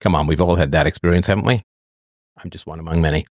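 A middle-aged man hosts his show in loose, wry banter, stretching words for comic emphasis. His voice sits a little low. It sounds dry and close, with no room around it. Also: no room sound. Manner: wry, joking asides with drawn-out emphasis. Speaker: podcast host. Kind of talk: casual live-stream chat.

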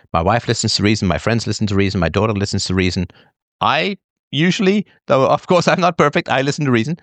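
In a dry recording, a middle-aged podcast host with a fairly low-pitched voice delivers a monologue to his listeners. He speaks bluntly and emphatically, now and then mimicking whiny people.

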